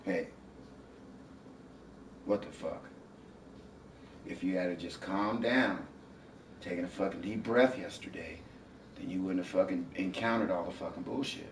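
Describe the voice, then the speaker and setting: A deep-voiced man scolding his partner in a heated argument at home, circling back over the same points, swearing and rising to shouts. He is heard from well across the room, and the room rings with echo. A faint hiss runs underneath. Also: measured pace, long pauses, far from the mic. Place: inside a house.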